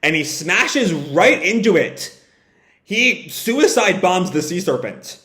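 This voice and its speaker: A man's voice: sits high, expressive, slow pace, sharp tone, echoey room. A man hosting a live manga reading and reaction, reading the dialogue aloud in raised voices and swearing casually.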